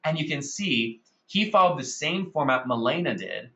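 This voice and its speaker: A man's voice: on the high side, moderate pace, roomy sound, dull audio. Upbeat man hosting a marketing webinar. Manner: energetic, salesy, addresses audience as guys. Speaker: webinar host.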